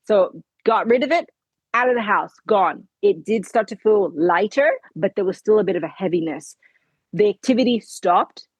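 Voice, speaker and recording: A woman's voice: medium pitch, expressive, normal speed, husky, dry recording, low-quality recording. A middle-aged woman, a podcast guest telling her story earnestly in conversation and acting out the dialogue. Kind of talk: conversational interview.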